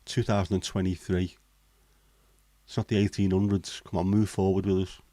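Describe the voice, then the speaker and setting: A man's voice: low voice, level tone, normal speed, mellow, no room sound. A man chatting casually on a livestream, blunt, sweary and cynical. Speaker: livestream host. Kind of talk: casual chat.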